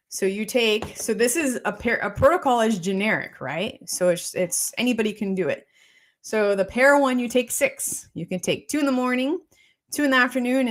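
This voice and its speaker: Chatty woman doctor explaining things. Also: on the high side. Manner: repetitive, keeps checking in with "okay?" and "right?". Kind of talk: casual health talk explaining a protocol.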